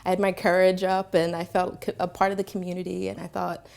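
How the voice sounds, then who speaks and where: A woman telling a personal story to camera, reflective, pausing often on fillers. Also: on the low side, level tone, vocal fry, darkish tone. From Philadelphia, Pennsylvania. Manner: reflective, with frequent filler pauses.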